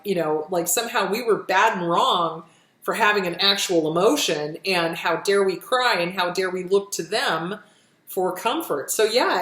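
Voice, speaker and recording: A middle-aged woman giving self-help advice in a casual, gentle, reassuring way, often repeating her phrases and answering questions frankly. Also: lowish voice. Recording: roomy echo.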